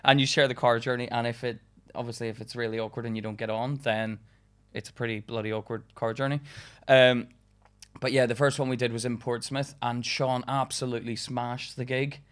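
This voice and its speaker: A man's voice: mid-range voice, flat delivery, a little fast. A young man, a stand-up comedian, chatting casually as a podcast guest, laughing often and full of fillers.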